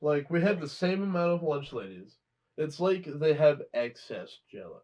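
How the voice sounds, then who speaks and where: A man's voice: on the high side, lively intonation, normal speed, darkish tone. Laid-back young man, lo-fi recording. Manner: laid-back, teasing, slangy. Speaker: podcast co-host. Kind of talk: casual chat. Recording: dull lo-fi recording with faint hiss.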